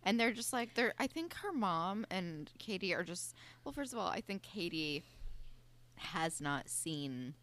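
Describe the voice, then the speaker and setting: A young woman co-hosting a casual podcast, talking in an animated, emphatic way with many restarts. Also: fairly low pitch, unhurried, no room sound. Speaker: podcast co-host. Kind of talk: casual chat.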